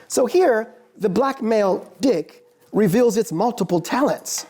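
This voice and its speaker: A man, a philosophy professor, giving a formal lecture in a measured, deliberate way with dramatic pauses. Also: sits high, animated, warm tone, husky. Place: lecture hall.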